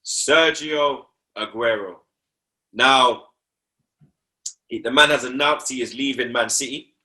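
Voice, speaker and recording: A man's voice: mid-range voice, slow, pushed and bright. A young man, talking football on a casual podcast, slangy and repeating himself for emphasis.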